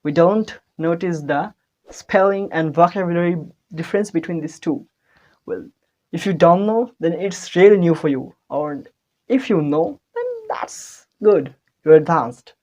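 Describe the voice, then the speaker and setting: A man's voice: fairly high pitch, a little slow, darkish tone. A man giving a casual spoken-English lesson in an informal, hesitant way, spelling out words letter by letter. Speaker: English tutor.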